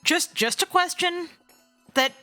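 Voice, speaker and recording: A woman's voice: extremely high pitch, takes it slowly, pushed and bright, dry recording, soft background music. A woman co-hosting a let's play, making wry, sarcastic comments. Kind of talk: casual reactive commentary.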